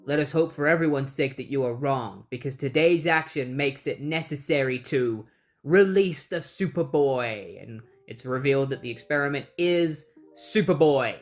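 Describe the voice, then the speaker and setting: A comic book reviewer giving a casual recap with snarky, wry asides. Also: mid-range voice.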